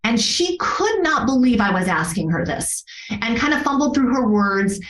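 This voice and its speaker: A woman's voice: a little high, very animated, moderate pace. Earnest woman telling a story in a roomy space. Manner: earnest, heartfelt, with frequent restarts. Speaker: yoga therapist, podcast guest. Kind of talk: personal storytelling in conversation.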